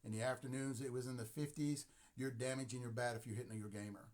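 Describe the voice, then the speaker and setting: A man's voice: medium pitch, steady tone, quick pace, darkish tone. A man in his sixties hosting a casual live stream who rambles, talks emphatically and repeats himself. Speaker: host.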